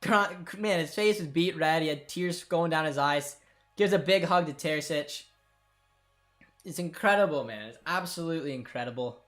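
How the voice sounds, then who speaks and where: Excited young man hosting a match stream. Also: on the high side, moderate pace, soft background music. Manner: excited, emotional, calls out to viewers. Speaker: host of a football watchalong. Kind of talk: live match watchalong commentary.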